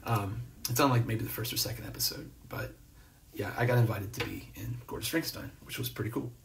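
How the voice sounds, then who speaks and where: A man's voice: on the low side, a little fast, creaky, distant mic. A man hosting a casual live stream, reading viewer comments and chatting in a rambling, laid-back way with lots of fillers and restarts. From New Jersey. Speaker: host. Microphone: phone or webcam on a live stream.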